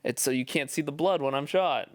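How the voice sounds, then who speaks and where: A man co-hosting a podcast in casual chat, relaxed and rambling with restarts. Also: on the high side, a little fast, no room sound. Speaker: podcast co-host.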